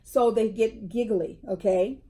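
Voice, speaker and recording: A woman's voice: mid-range voice, unhurried. A middle-aged woman co-hosting a casual chat, telling stories and acting out the people in them. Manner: animated storyteller, acts out quotes. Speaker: co-host. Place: indoors, tea table chat.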